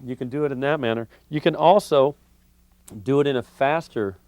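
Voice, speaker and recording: A man giving a relaxed, conversational harmonica lesson, explaining technique step by step with frequent fillers. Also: mid-range voice, normal speed, dry recording. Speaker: harmonica teacher. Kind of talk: instructional video lesson.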